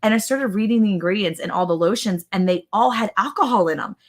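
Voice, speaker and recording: A woman's voice: medium pitch, quick pace. A middle-aged woman hosting a casual live chat, telling rambling stories and acting out quotes. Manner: rambling storyteller, acts out quotes. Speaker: host.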